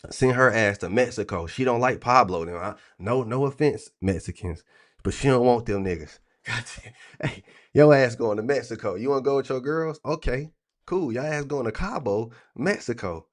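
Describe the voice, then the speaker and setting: A man hosting a livestream, talking in a blunt, crude, animated rant full of profanity. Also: medium pitch, moderate pace. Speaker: trading stream host.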